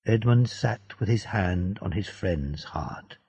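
A man narrating a story in a slow, deliberate storybook reading. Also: low-pitched, expressive. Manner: slow, gravelly, dark-toned reading. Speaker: audiobook narrator. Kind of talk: scripted narration of a graded reader. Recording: dull lo-fi dry recording.

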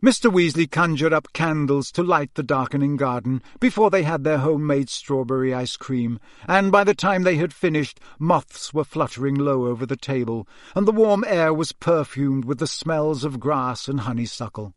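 A man narrating an audiobook in an even, calm storytelling voice. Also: on the high side, moderate pace, few pauses, no room sound, clean studio sound. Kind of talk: scripted narration.

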